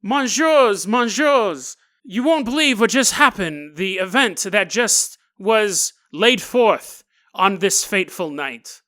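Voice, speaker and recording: A man's voice: high voice, lively intonation, takes it slowly, bright, forceful tone, exaggerated voice. A man voicing a flustered, overdramatic young woman who turns sheepish. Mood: melodramatic.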